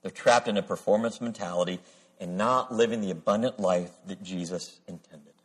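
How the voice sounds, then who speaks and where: A man's voice: low voice, breathy edge. A man preaching a sermon, reading scripture solemnly and telling stories from his week. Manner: measured, solemn reading, then animated storytelling. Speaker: pastor. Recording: long hall reverb.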